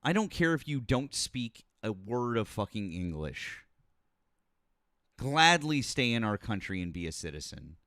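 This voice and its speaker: A man's voice: on the low side, big pitch swings, measured pace, fairly bright tone, no room sound, studio quality. A man hosting a live call-in politics stream, arguing with callers in a blunt, sarcastic and profane way, then reading viewer messages. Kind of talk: heated live call-in debate.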